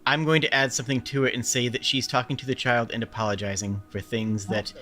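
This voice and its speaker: Bright laid-back man running the game. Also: mid-range voice, fairly even intonation, soft background music. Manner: laid-back, laughs easily, measured descriptions. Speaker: game master. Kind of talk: narrating a tabletop game.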